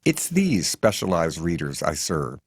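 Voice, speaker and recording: A man's voice: sits low, sing-song, measured pace, husky, no echo, studio quality, exaggerated voice. A man voicing a chatty, earnest middle-aged woman who gives away used books as a cause.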